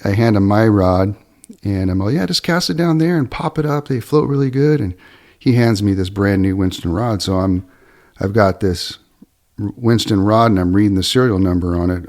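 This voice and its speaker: Deep-voiced and darkish in tone, this middle-aged man runs a fly shop and hosts a podcast. His casual storytelling wanders, full of filler words and false starts. He acts out what others said in a briefly raised voice.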